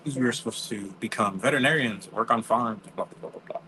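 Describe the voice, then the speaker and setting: A man's voice: medium pitch, fast, bright, forceful tone, a little hiss or hum, low-quality recording. A man, telling stories in casual chat, acting out quotes and swearing freely. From New York. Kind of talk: casual storytelling.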